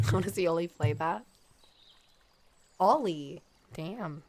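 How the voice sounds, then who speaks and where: A woman's voice: on the low side, slow pace, darkish tone. A woman with a cold chats away while she draws on a live stream, coughing now and then. She talks in a loose, casual way and laughs at her own mistakes. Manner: chatty, self-deprecating, laughs often. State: sick, coughing. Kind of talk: casual chat while drawing.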